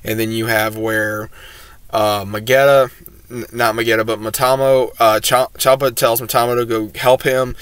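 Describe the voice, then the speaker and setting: A man's voice: medium pitch, level tone, normal speed, a bit bright, smooth, dry recording. A man hosting his own channel, giving a rambling, casual recap of an episode with lots of fillers and "he says" retellings. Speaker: host.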